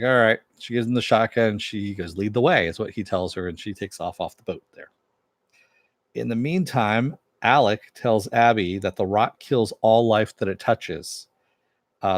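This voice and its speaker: Guy rambling thru a tv episode recap, lowish voice, dry close sound, swears here and there. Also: no room sound. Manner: rambling, offhand, swears casually. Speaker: TV episode reviewer. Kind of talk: casual plot recap.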